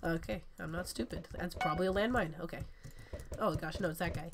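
A woman giving excitable, chatty gameplay commentary while sick, her voice cracking often. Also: on the low side, fairly quick, over music. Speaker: gaming channel host.

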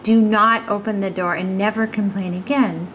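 Woman doing a calm village wise woman. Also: medium pitch, moderate pace, a little hiss or hum, lightly acted, low-quality recording. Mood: advising. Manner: calm, advising.

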